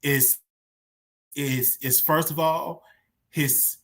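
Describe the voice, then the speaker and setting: A man's voice: fairly high pitch, fairly even intonation, very slow, a bit bright. A man hosting a livestream, talking candidly and animatedly about his own past, often repeating himself for emphasis. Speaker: show host. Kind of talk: casual livestream commentary.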